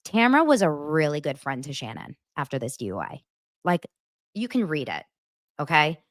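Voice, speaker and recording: A woman's voice: low-pitched, sing-song, normal speed, dry recording, clean studio sound. A woman hosting a casual gossip show, chatting and reading out text messages, often stopping to correct herself. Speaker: podcast host.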